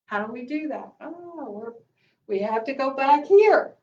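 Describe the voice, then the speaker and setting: A woman with a high voice gives a casual mindfulness lesson as a meditation teacher. She talks earnestly, repeats her points for emphasis and often softens to a hush. She sits a little back from the microphone. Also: animated, measured pace, lo-fi sound, a little hiss or hum. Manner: earnest, repeats key phrases for emphasis, often drops to a soft low voice. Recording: voice a little far from the mic.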